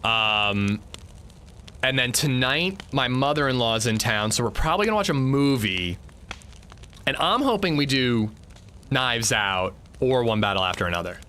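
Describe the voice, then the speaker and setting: Man, casual gaming livestream, lively pitch, bright voice, chatty, faint background noise. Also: normal speed. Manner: chatty, answers chat, swears when annoyed. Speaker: streamer.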